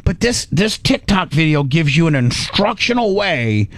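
A middle-aged man hosting a radio show, telling a rambling story in a casual, animated way on a studio microphone. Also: fairly high pitch, normal speed, no room sound. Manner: animated, rambling, acts out his own inner voice.

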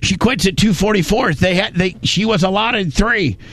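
A man's voice: high-pitched, moderate pace, fairly bright tone, no echo. A man hosting a radio talk show, rambling and mocking in a blunt, casual way.

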